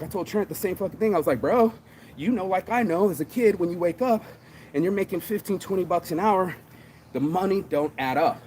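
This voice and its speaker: Fired-up middle-aged dude ranting, swears a lot, says bro constantly, bit high voice, faint hiss behind. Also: male voice, fairly quick, darkish tone. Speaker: motivational show host. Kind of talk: fired-up casual motivational rant.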